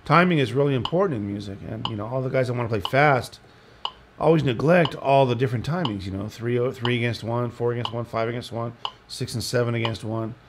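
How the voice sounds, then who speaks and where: A man's voice: medium pitch, a little fast. A man, teaching guitar in a casual, rambling way, with joking asides and counted beats. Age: 60s. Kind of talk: casual spoken lesson. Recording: audible background noise.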